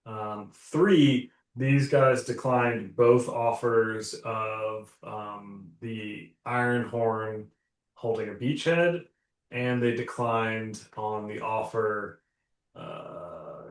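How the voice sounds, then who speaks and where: A man playing a tabletop game, thinking aloud and laying out points for the group. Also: lowish voice. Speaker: player. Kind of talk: tabletop game strategy chat. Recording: roomy sound from a distant mic.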